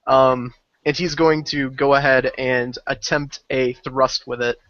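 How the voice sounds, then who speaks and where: A man's voice: medium pitch, level tone, unhurried, background noise. A man playing a tabletop game, describing his character's actions in vivid, graphic detail. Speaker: player. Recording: dry, dull lo-fi call audio.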